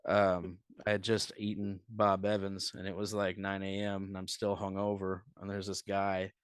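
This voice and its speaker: A man with a fairly low voice, recorded dry and close. He tells rambling, profane stories in a casual podcast chat as a comedian guest. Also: monotone, normal speed, clean tone, no room sound.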